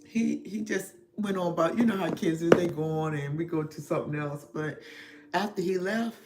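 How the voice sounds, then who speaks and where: A middle-aged woman giving a confessional livestream talk as a spiritual therapist, getting emotional and speaking slowly and reflectively with many pauses and fillers. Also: lowish voice, heavy background noise.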